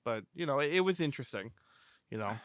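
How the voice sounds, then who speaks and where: A man's voice: mid-range voice, lively intonation, fast talker, a bit bright, dry recording, studio quality. A man hosting a podcast, reviewing a war film in easygoing, hedging talk full of "you know". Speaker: podcast host. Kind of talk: casual film review chat.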